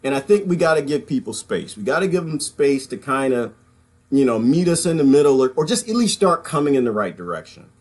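A man talking loosely to his viewers in a livestream, his voice sitting at an ordinary middle pitch. He wanders from point to point, breaks off, restarts and lets out small chuckles. He calls his audience y'all in a relaxed, conversational way. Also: a little fast. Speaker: political commentary vlogger. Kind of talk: casual livestream commentary.

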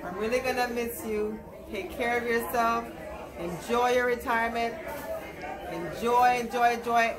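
A woman's voice: fairly high pitch, fairly even intonation, unhurried. A woman coworker saying an affectionate, teasing goodbye. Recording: crowd chatter behind.

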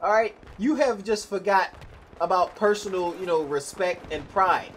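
A man's voice: high-pitched, normal speed, a bit bright, slight background noise. Profane ranting young man gaming. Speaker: gamer commentating his own gameplay. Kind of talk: live gameplay commentary rant.

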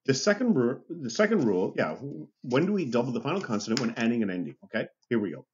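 A man's voice: mid-range voice, very animated, fast, darkish tone, lo-fi sound, slight background noise. A man teaching a university lecture, chatty and checking in with "okay?" and "right?", often restarting and correcting himself. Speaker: university instructor. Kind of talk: recorded online lecture.

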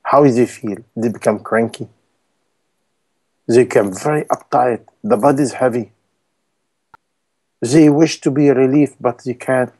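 A man's voice: mid-range voice, fairly even intonation, measured pace, pauses often, warm tone, husky. Man preaching in emphatic non-native English. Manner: emphatic, with rhetorical questions to listeners. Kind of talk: sermon.

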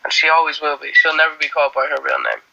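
A man's voice: on the high side, flat delivery, rapid-fire, creaky, bright, forceful tone, muffled recording, a little hiss or hum. A young man in a band, chatting casually on a livestream, joking and laughing often. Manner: jokey, does silly voices, laughs often. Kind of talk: casual chat.

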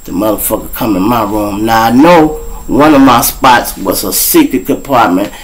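A man's voice: lowish voice, normal speed, rough recording. A man hosting his show, telling a story in a casual, profane way and speaking straight to his audience. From Chicago. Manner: profane, keeps addressing the audience as y'all. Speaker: show host.

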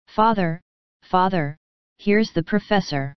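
A woman reading the lines of a lively young woman, frank and playful. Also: mid-range voice, slow pace, clear, resonant tone, dry recording, muffled recording, natural voice.

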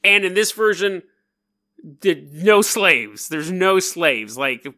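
A man hosting a casual storytelling podcast, talking in an animated, jokey and digressive way. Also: high-pitched, takes it slowly. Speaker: podcast host.

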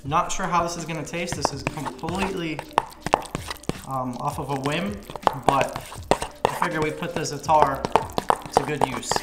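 A man's voice: on the high side, normal speed, pauses often, very noisy. Man from Slovakia hosting a cooking vlog. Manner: relaxed, talks viewers through each step. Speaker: cooking channel host. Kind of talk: casual cooking demonstration. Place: home kitchen. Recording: echoey kitchen with music bed. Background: background music, clinking dishes.

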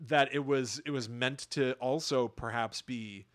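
A man co-hosts a casual podcast with a voice of ordinary middle pitch. He rambles, restarts his sentences and tosses in little impressions as he talks. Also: steady tone, measured pace, fairly bright tone, no room sound, clean studio sound. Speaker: podcast co-host. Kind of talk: casual chat.

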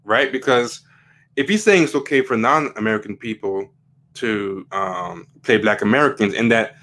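Hosting a livestream, a man with a lowish, slightly bright voice offers rambling, casual opinions at a moderate pace. His talk is full of fillers and emphatic questions that rise at the end.

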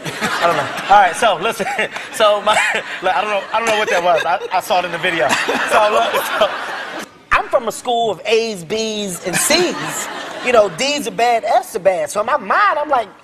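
A man from Philadelphia telling comic stories on a talk show, loud and animated, with shouted punchlines over a noisy live audience. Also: high-pitched, normal speed, a loud crowd. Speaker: comedian. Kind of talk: stand-up and talk show storytelling.

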